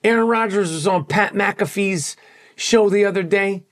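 Podcast host, New York man, high voice, brash profane rant. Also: unhurried. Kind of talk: ranting podcast monologue.

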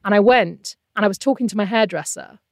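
A woman's voice: medium pitch, a little fast, no echo, studio quality. A woman in her thirties, a guest telling a painful personal story in an earnest, emotional way. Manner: earnest, emotional, animated quoting of others.

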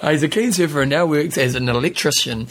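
Casual co-host: man, husky gravelly voice, laughs a lot, reads notes aloud. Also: fairly high pitch, fast, a bit bright. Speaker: podcast co-host. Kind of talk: casual chat.

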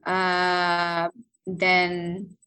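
Hesitant woman speaking slowly. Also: on the low side, monotone, pushed and bright, clear, resonant tone, low-quality recording. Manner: hesitant, searching for words, laughs often. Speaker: podcast guest, singer. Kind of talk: casual interview chat.

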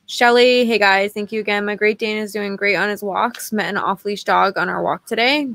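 A woman co-hosting a live show, reading viewer comments and questions aloud in a brisk, matter-of-fact way. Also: mid-range voice, steady tone, gravelly, fairly bright tone, no echo.

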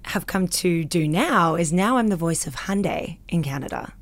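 A woman with an Australian accent chats as a guest, telling stories and acting out the quotes as she goes. Her voice sits fairly low, and the sound is dry and close, with no room echo around it. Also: moderate pace. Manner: animated storyteller, acts out quotes. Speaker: guest voice actor. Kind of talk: casual interview chat. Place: small home recording closet.

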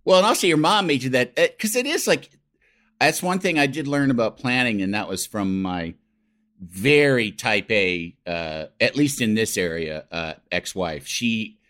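A man's voice: mid-range voice, moderate pace. A middle-aged man, a talk show sidekick, telling rambling stories in casual chat, swearing freely. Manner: animated, rambling, swears freely, lots of fillers.

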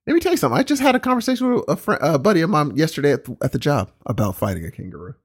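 A man co-hosting a podcast in casual chat, excitable and emphatic. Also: fairly high pitch, racing, breathy edge. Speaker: podcast co-host.

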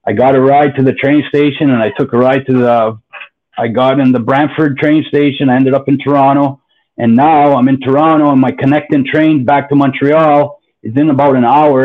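A man telling his own story as a podcast guest, candid, blunt and profane, often rambling. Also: medium pitch. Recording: phone-like narrow line.

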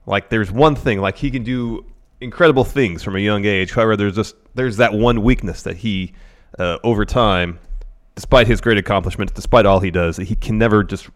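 A man with a lowish voice thinks out loud on a casual podcast. He rambles and circles back, restarting his sentences. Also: normal speed. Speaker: podcast co-host. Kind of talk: casual wrestling podcast chat.

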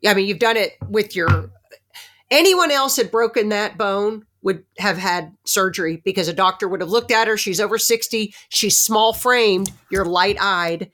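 A woman in her late fifties from Newark with a New Jersey accent, hosting a casual podcast conversation and telling her stories in an outspoken, animated way. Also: medium pitch, normal speed. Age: late 50s. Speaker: host.

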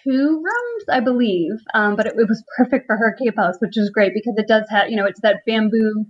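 A woman's voice: a little high, expressive, fairly quick, breathy edge. A woman talking in a casual interview, chatty and given to laughs, with many "um"s and restarts. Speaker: furniture refinisher, contest winner. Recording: slightly dull lo-fi sound.

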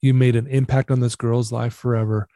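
A man's voice: mid-range voice, fairly quick, no room sound, clean studio sound. Middle-aged man telling an earnest story. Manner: earnest, animated storytelling with quoted dialogue. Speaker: guest. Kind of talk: storytelling interview.

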